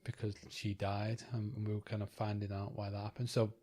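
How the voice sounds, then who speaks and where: A man's voice: lowish voice, flat delivery, normal speed, mellow. A young man co-hosting a podcast, talking casually and hesitantly, often restarting his sentences with fillers. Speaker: podcast co-host. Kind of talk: casual chat.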